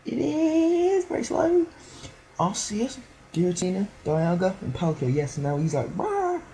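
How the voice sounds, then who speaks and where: Brief: bright-voiced teen lad narrating gameplay, random jokes, a bit off-mic now and then, warm tone. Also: male voice, sits high, animated, measured pace, a little hiss or hum. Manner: rambling, joking, does silly voices for game characters. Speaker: gameplay commentator. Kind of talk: let's play commentary. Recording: poor audio, slightly distant at times.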